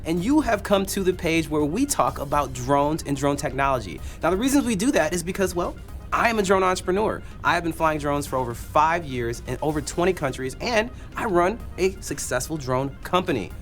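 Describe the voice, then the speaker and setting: A man's voice: a little high, very animated, fairly quick, soft background music. A man giving an upbeat, scripted intro to his drone video channel. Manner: upbeat, presenter-style delivery.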